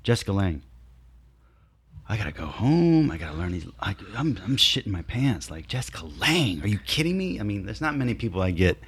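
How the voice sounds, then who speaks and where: A middle-aged man, an actor, telling stories in a casual chat, animated and swearing, acting out quotes in other voices. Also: lowish voice, a little fast.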